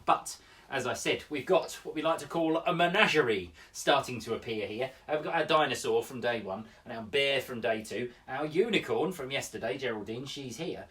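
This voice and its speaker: A man's voice: medium pitch, animated, moderate pace, fairly bright tone, far from the mic. A man in his forties, an upbeat poet hosting a casual daily poetry show from home, chatting with lots of ums and uhs. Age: 40s. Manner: chatty, upbeat, full of fillers. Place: home room.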